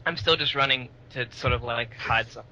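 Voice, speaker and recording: A man's voice: mid-range voice, normal speed, bright, forceful tone, highs cut off, slight background noise. A man playing in a tabletop game over a voice call, rambling animatedly with many fillers. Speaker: player. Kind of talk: casual tabletop role-play chat. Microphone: online voice call.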